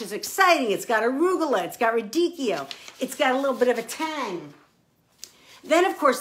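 A woman's voice: fairly high pitch, fairly bright tone. A woman author chatting enthusiastically to camera about the food in her novel and showing cookbooks as she talks.

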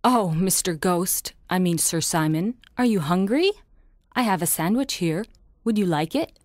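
A woman's voice: fairly low pitch, expressive, unhurried, darkish tone, dry recording, studio quality. An actress playing a blunt, kind-hearted young American girl who scolds frankly. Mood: earnest. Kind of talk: scripted audiobook drama.

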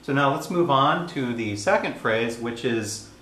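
A man giving a calm, explanatory piano lesson, talking between played passages. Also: medium pitch, measured pace, a little hiss or hum. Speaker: piano teacher. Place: room with a piano. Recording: roomy sound with piano playing.

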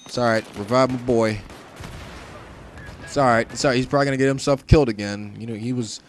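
A man giving casual gameplay commentary, joking and trash talking, swinging between shouts and mutters. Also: mid-range voice, fairly even intonation, quick pace, slight background noise. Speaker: gaming commentator. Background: game gunfire and explosions.

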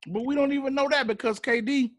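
A man from the Bay Area, a podcast guest, arguing about basketball in casual chat, animated and teasing, with sudden loud protests. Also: extremely high pitch, fast talker, no room sound, studio quality. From San Francisco Bay Area. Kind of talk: casual sports debate.

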